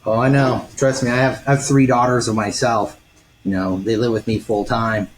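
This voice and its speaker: A man hosting a podcast, asking rambling questions full of fillers in a relaxed interview. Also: medium pitch, normal speed, low-quality recording. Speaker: podcast host.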